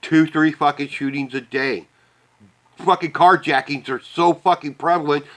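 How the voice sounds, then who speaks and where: A man's voice: fairly high pitch, fairly even intonation, normal speed, a bit bright. A man from the Midwest, delivering a profane, heated rant to the camera with bitter laughs. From Midwest United States. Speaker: vlogger. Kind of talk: angry ranting monologue.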